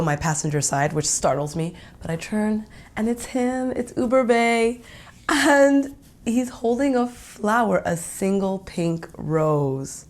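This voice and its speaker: A young woman hosting a podcast, telling a first-person story in an animated, giggly way and laughing often. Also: mid-range voice. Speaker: podcast host.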